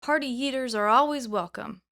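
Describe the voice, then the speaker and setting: A woman's voice: a little high, normal speed, bright, forceful tone, voice pushed up. A woman reading the lines of a friendly male penguin in a cheerful, soothing way in a storybook reading.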